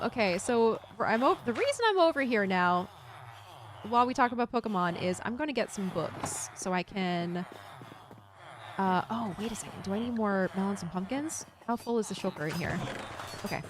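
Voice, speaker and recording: Animated woman streamer chatting while gaming. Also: fairly high pitch, background noise. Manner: animated, giggly, exclaiming. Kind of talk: casual gameplay chat with viewers.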